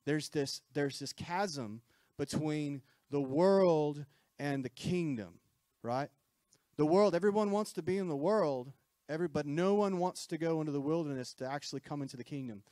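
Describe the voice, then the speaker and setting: A man's voice: on the high side, a little mellow, no room sound. A man preaching a sermon to a congregation in a conversational style, often checking in with "right?" and repeating himself. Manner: conversational preaching with frequent "right?" asides and repetitions.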